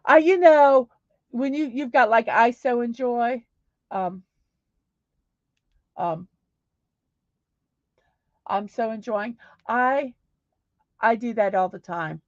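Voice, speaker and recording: A woman's voice: fairly high pitch, slow pace, long pauses, dry recording. A woman hosting a casual livestream, chatting loosely and reading viewer comments, with lots of restarts. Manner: rambling, warm thanks, frequent restarts. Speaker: livestream host. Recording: dry, slightly dull livestream audio.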